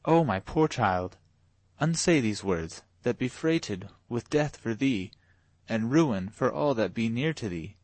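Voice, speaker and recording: A man's voice: mid-range voice, animated, takes it slowly, a little mellow, no echo. A man reading a storybook voicing a poor middle-aged mother who pleads in archaic speech. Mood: anguished pleading.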